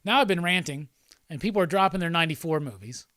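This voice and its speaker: Casual male streamer, loose and profane, a slightly high voice in a dry room. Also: expressive, fast talker, a bit bright, no room sound. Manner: rambling and profane, with frequent laughs. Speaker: host. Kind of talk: casual livestream chat.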